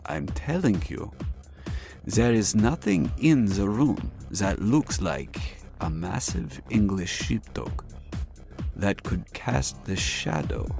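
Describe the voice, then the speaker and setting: A man telling a spooky childhood story in a put-on mock German accent, deadpan and crude. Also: lowish voice, vocal fry, heavily acted.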